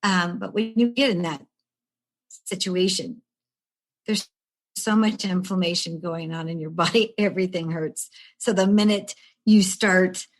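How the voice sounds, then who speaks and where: Speaking a little slowly in a lowish voice, a woman in her sixties who works as a stress management coach relates her own story during a casual podcast chat. She animates it by voicing the people she quotes, punctuated by laughs.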